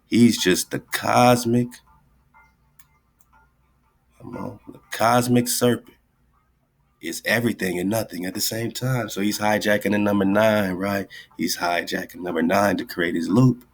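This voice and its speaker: A radio talk show host with a low, gravelly voice rambles through ideas in casual esoteric commentary over a screen share. His tone stays steady at a moderate pace, and he tags his lines with "right?" and "man".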